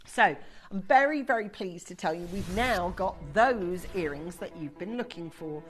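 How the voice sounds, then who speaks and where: A woman's voice: lowish voice, lively intonation, normal speed, soft background music. A woman presenting on a shopping channel from a TV studio, talking in gushing, chatty sales patter.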